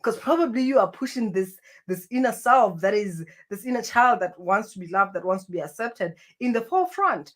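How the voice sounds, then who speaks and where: A woman's voice: mid-range voice, lively intonation, brisk, few pauses. Earnest woman giving spiritual self-help talk. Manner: earnest, with many restarts and repeated phrases.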